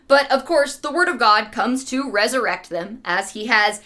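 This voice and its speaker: A young woman retells an old story as a streamer, dropping in sarcastic, playful asides. Her voice sits a little high and sounds bright and forceful. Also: animated, moderate pace. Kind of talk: casual comedic retelling.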